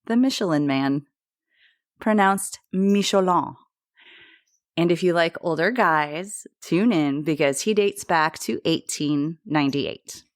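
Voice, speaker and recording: A woman's voice: deep voice, dry recording, studio quality. A woman co-hosting a podcast, telling a history story in a chatty way and correcting her own slips and pronunciations. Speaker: podcast co-host.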